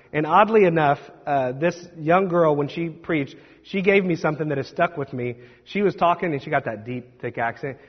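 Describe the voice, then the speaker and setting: Husky-voiced male pastor preaching. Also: fairly high pitch. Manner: conversational and emphatic, with asides to the congregation. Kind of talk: sermon. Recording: dull recording with long hall reverb.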